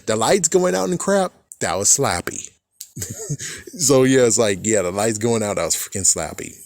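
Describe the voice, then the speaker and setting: A man's voice: lowish voice, expressive, normal speed, no room sound, studio quality. A man giving a casual, rambling recap of a TV episode, swearing freely and laughing at his own jokes. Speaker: fan reviewer.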